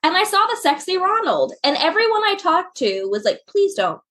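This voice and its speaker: Lively high-voiced woman from Florida. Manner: laughing, storytelling with quick asides. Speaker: podcast guest. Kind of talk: casual chat.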